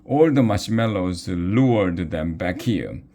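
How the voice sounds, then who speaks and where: A man's voice: low-pitched, lively intonation, slow, mellow. A man voicing a hungry, grumbling schoolboy in a storybook. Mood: pleased. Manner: complaining.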